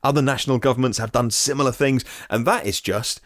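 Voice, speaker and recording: A man's voice: medium pitch, quick pace, fairly bright tone, dry recording, studio quality. A man hosting a daily news podcast, reading out listener comments and adding wry, sarcastic asides of his own. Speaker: podcast host.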